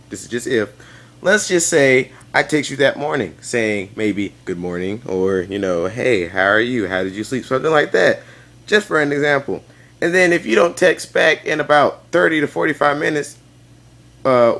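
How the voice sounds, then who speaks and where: A young man giving a casual video-response rant, exasperated, jumping into high squeaky outbursts. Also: a bit bright. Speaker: vlogger.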